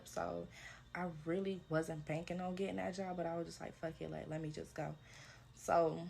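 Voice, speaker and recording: Young woman, low gravelly voice, blunt and offhand, casual profane storytime to camera. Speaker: club dancer sharing her experience.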